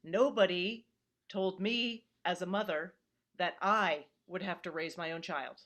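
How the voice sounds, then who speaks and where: A woman's voice: on the low side, a little slow, fairly bright tone. Woman comedian host, middle-aged, chatty and wry, on a video call.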